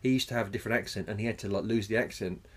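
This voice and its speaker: A man's voice: on the low side, very fast, husky. A man co-hosting a podcast in casual chat, rambling, swearing freely and searching for names mid-sentence. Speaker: podcast co-host.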